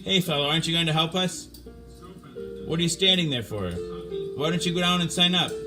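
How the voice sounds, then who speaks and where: A man voicing a drunk, belligerent young sailor who yells his lines, in a story reading. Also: a little high, fairly quick, over music, close to an everyday voice. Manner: yelling, aggressive.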